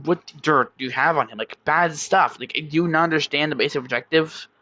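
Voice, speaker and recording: A man's voice: fairly high pitch, fairly quick, bright, forceful tone. A man playing a curt, scheming woman. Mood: impatient. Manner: curt, dismissive. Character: impatient, scheming woman, snappish and rude.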